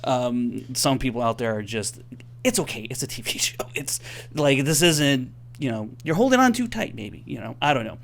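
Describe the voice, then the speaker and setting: A man's voice: medium pitch, expressive, moderate pace, creaky, a bit bright. A young adult man hosting a fan podcast, rambling and hedging casually as he leads the discussion. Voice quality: rambling, hedging, many fillers. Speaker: podcast host. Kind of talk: casual chat.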